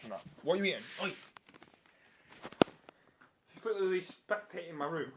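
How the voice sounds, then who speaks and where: A young man rambles through a casual vlog and keeps restarting his sentences. He scolds and coos at his dog in a slightly high voice. His pitch bounces around a lot. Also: animated, moderate pace, pauses often, fairly bright tone, slight background noise. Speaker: vlogger.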